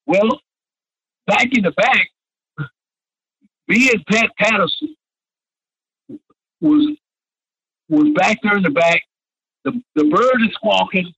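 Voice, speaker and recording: A man's voice: sits high, lively intonation, slow, pauses often, fairly bright tone, slightly rough. A man in his sixties, a retired pro wrestler, telling rambling stories in an interview. He often repeats "and stuff like that.". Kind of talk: anecdotal storytelling. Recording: dull lo-fi radio sound.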